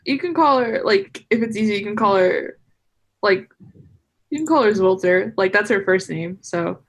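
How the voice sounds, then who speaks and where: A woman's voice: medium pitch, lively intonation, normal speed. A woman player in a tabletop game, talking casually and filling her phrases with "like". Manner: casual, fills every phrase with "like". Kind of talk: casual role-play chat.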